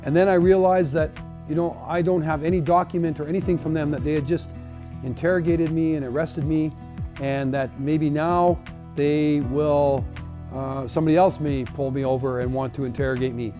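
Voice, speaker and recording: A man from Canada, a humanitarian volunteer, recounting a personal story in a halting, reflective way, with many fillers and restarts. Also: on the high side, fairly even intonation, over music.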